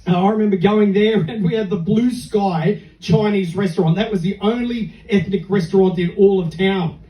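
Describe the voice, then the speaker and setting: A man's voice: sits high, fairly even intonation, normal speed, warm tone. A middle-aged Australian man doing a stand-up comedy set on a club stage, telling self-mocking stories in a dry way. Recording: echoey club from far off.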